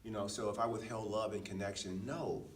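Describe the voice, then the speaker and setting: A man speaks in a fairly low voice, sharing earnest personal stories on a podcast, often restarting his sentences. He sits a little back from the microphone. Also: steady tone, a little fast, recorded from a distance. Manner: earnest, anecdotal, frequent restarts. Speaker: podcast co-host. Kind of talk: casual reflective chat.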